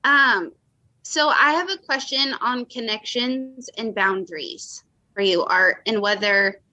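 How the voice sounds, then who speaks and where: Hesitant bright-voiced woman asking a question. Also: fairly high pitch, takes it slowly, no room sound, dull audio. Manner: hesitant, with fillers. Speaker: group member asking a question. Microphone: video call.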